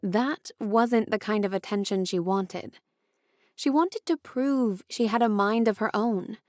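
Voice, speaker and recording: A woman narrating an audiobook in a measured storytelling style. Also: mid-range voice, darkish tone, dry recording, clean studio sound.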